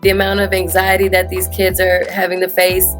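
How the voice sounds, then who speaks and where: A woman in her thirties with a Houston accent, a high school tennis coach answering interview questions earnestly, with many "you know"s and "um"s. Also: completely flat delivery, a little fast, faint music behind.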